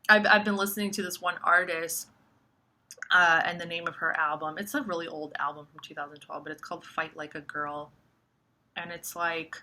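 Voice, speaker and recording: Young woman, bright edgy voice, casual vlogger, animated with frequent cursing. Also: medium pitch. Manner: animated, swears, many likes. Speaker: astrology vlogger. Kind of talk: casual monologue to camera.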